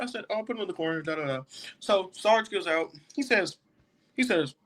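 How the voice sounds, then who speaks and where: A man's voice: high-pitched, lively intonation, moderate pace, pauses often, sharp tone. A young man, a jail deputy and podcast guest, telling a story casually and laughing often as he goes. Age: young adult.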